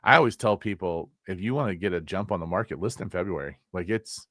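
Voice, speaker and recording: A man with a very deep voice co-hosting a casual podcast, recorded dry and close. He gives plainspoken advice, trailing off and restarting as he thinks. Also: fast talker, fairly bright tone, dry recording. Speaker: podcast co-host, real estate coach.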